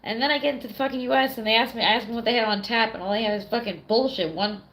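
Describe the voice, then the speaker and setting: A woman's voice: a little high, steady tone, rapid-fire, hardly any pauses, fairly bright tone. A young woman livestreaming casually, answering chat, chatty, swearing freely and laughing often. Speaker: streamer. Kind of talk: casual live-stream chat.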